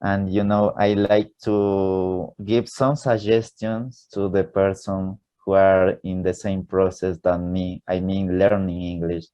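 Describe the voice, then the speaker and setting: Mellow-voiced Ecuadorian man, eager chat. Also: low-pitched, level tone, takes it slowly, few pauses, highs cut off. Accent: Ecuadorian Spanish. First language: Spanish. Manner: eager, chatty, laughs often, simple learner grammar. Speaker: podcast guest, English learner. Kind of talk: casual interview chat.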